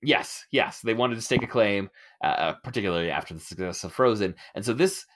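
A middle-aged man hosting a casual podcast discussion, animated and laughing often as he acts out quotes. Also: fairly low pitch, a little fast. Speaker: podcast host.

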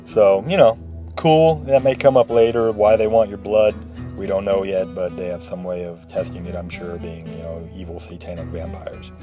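A man with a low, mellow voice talks through a video game in a loose, rambling way. His asides are dry and sarcastic. The sound is close and dead, with faint music underneath. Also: fairly even intonation, moderate pace. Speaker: game reviewer. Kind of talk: casual game commentary.

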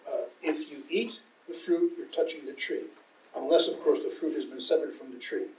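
A man's voice: fairly high pitch, normal speed, a little mellow, a little hiss or hum. A man in a study discussion, making his point methodically, step by step. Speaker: participant. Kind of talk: discussion comment. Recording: echoey room, far from mic.

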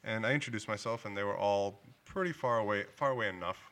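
Speaking quickly in a lowish voice over some background noise, a New England liquor store owner recounts his story in a relaxed interview. He laughs readily and plays out the dialogue he quotes.

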